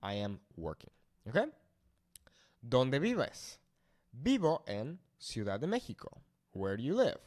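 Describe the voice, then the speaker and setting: A man teaches a language lesson in an animated, rising-and-falling voice. He explains patiently, trading English explanations with Spanish sample phrases. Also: mid-range voice, a little slow, pauses often.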